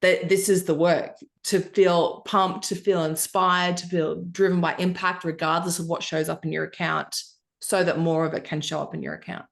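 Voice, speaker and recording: A woman's voice: on the low side, flat delivery, moderate pace, gravelly. A woman coaching a client one on one in a casual call, upbeat and encouraging, with plenty of "like" fillers. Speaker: business coach.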